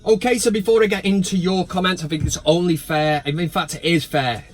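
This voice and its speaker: A man's voice: sits high, steady tone, a little fast, faint music behind. A young man hosting a football fan vlog, talking in blunt, sweary banter. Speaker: football fan channel host. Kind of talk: casual vlog commentary.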